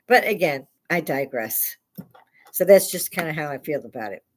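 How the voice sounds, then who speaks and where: Speaking at a normal speed in a low, expressive voice, an older Chicago woman with a local accent hosts a livestream. It's an opinionated live rant, blunt, profane, and heated.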